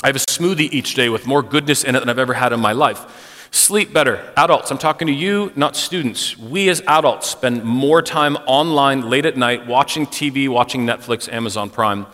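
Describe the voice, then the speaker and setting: A man's voice: medium pitch, normal speed, a bit bright. A man giving a sermon to a congregation, telling personal stories in a conversational, self-deprecating way. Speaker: speaker addressing a congregation. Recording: long hall reverb.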